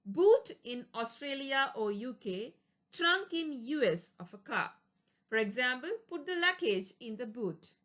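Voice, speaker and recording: A woman's voice: fairly high pitch, very animated, measured pace, fairly bright tone. A woman reading an English vocabulary lesson, going through word lists, each with a plain explanation and an example sentence. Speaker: English teacher.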